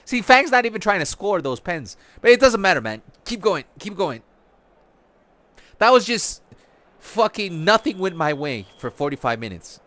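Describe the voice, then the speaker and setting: Male gaming streamer, high and bright voice, swings wildly in pitch, swears and rants at the game. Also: big pitch swings, normal speed, no echo. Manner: frustrated, swearing, ranting at the game. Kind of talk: live gameplay commentary.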